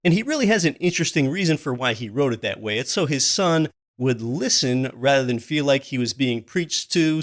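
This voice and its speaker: With a mid-range, fairly bright voice, a male podcast host first talks with a guest. Afterward he addresses the audience, sincerely offering recommendations.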